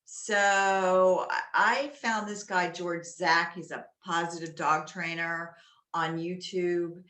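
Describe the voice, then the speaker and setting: A woman with a lowish, forceful, bright voice chats loudly through a how-to about dog games at home. She sprinkles her talk with ums, and the echoey room rings around her. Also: fairly even intonation, slow. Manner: loud, chatty, with many fillers. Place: inside a home.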